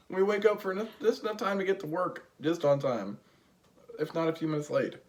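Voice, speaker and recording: A man's voice: on the high side, normal speed, slight background noise. A man chatting casually with his partner, telling jokey stories and mimicking her voice. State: tired. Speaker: co-host. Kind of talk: casual chat.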